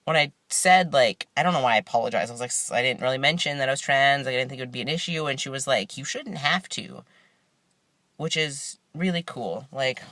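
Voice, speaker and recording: A man's voice: medium pitch, quick pace, few pauses, fairly bright tone, no room sound, studio quality. A young man talking casually to the camera for a vlog while sitting in a parked car, laid-back and rambling, with lots of fillers and restarts. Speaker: vlogger.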